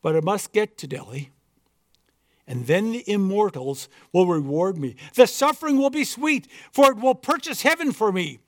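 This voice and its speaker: A man's voice: high voice, animated, normal speed, dry recording, studio quality. A man voicing a proud, devout old pearl diver in an earnest, formal storybook reading.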